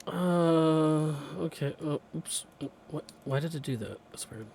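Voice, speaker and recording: A man's voice: on the high side, takes it slowly, darkish tone, slight background noise. A man playing a tabletop game, hesitant and muttering to himself as he moves. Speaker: player.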